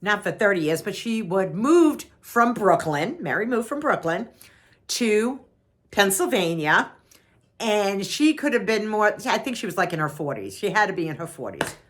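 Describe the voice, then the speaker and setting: A woman's voice: medium pitch, moderate pace. An older woman from Long Island with a New York accent tells a casual story straight to her viewers. Her voice swings up and down a lot. She repeats her lines and keeps the talk chatty. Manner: chatty, repeats herself, animated. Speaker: vlogger.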